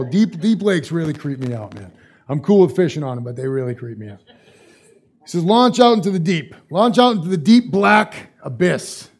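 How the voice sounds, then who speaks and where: A man's voice: on the high side, creaky, a little mellow. A male pastor preaching a sermon in a casual, conversational way, repeating phrases for emphasis.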